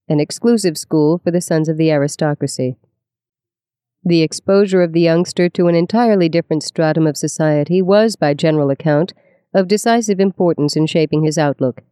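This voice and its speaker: Mellow, smooth audiobook narrator. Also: mid-range voice, no room sound, clean studio sound. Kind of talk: scripted nonfiction narration.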